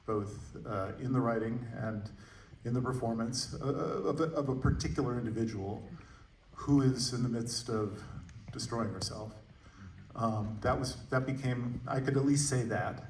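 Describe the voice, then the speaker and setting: Man, moderator, post-screening talk, halting and reflective, roomy hall echo, distant. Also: mid-range voice, darkish tone, a little hiss or hum. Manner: hesitant, musing, many fillers. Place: movie theater stage. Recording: roomy, distant theater audio.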